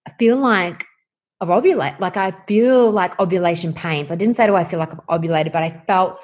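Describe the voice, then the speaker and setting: A guest with a fairly low, slightly rough voice tells a personal story frankly and at a brisk pace. She brings it to life by acting out each conversation she quotes.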